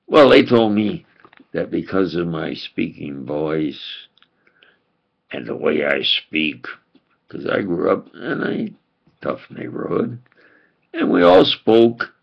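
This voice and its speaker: An older preacher with a thick New York accent rambles on in an insistent, emphatic monologue. His voice is heavily gravelly and husky, and he talks at a slow, deliberate pace. The recording sounds dull and lo-fi. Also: deep voice, sing-song.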